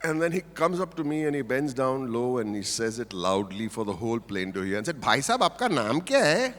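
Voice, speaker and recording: A man's voice: medium pitch, steady tone, brisk. An older man with an Indian English accent gives a humorous stage speech at a corporate event, playfully teasing the audience. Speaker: motivational speaker at a corporate event. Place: large auditorium stage. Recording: reverberant auditorium.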